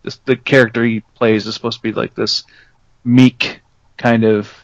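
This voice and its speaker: A man's voice: lowish voice, level tone, normal speed, no room sound, lo-fi sound. A young man in casual chat who explains TV plots at length, filling gaps with "uh" and "um.".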